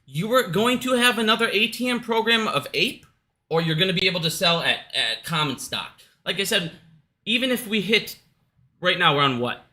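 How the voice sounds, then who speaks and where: A man's voice: high-pitched, lively intonation, normal speed, pushed and bright. A man from Minnesota giving casual, heated commentary at home, profane and repetitive, hot and out of breath. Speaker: stock market commentator. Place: his house.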